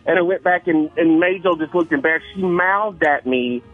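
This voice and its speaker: A man calls a radio show and tells a story in a rambling, hesitant way. His voice is slightly high for a man. It comes through a tinny phone line, with faint music playing behind him. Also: moderate pace. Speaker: caller. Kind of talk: telling an anecdote on the phone.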